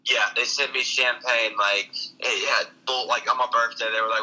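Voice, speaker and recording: A man's voice: medium pitch, normal speed, rough recording. A young man with a Southern accent, a comedian chatting casually on a podcast, telling rambling, profane stories. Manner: rambling, profane, animated storytelling. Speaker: comedian guest.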